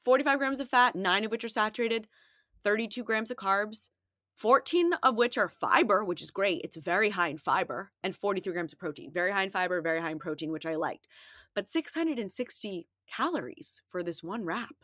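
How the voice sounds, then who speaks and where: A woman's voice: mid-range voice, lively intonation, brisk, a bit bright, no room sound, clean studio sound. A woman dietitian hosting her own show, chatting emphatically and casually while rattling off numbers. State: out of breath. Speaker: dietitian podcast host. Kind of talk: casual solo talk.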